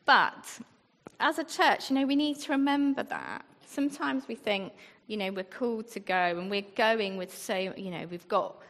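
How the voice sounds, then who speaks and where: A woman's voice: a little high, normal speed, a bit bright. Woman preaching casually in church, echo hanging in the hall. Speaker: church speaker. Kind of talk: sermon. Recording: long hall reverb.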